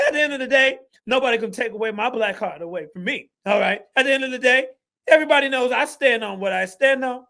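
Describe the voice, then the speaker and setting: Guy doing a loud bragging pundit bit, big emphatic pronouncements, pitched up high. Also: fast talker, gravelly, full character voice. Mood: blustering. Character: impression of a boastful male sports pundit.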